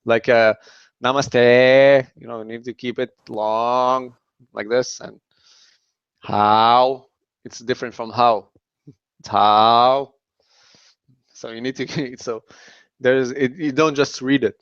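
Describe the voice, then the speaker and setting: A man, a non-native English speaker, talking as an interview guest in careful, halting speech. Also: medium pitch, fairly even intonation, no room sound, muffled recording. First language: not English. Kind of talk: casual chat.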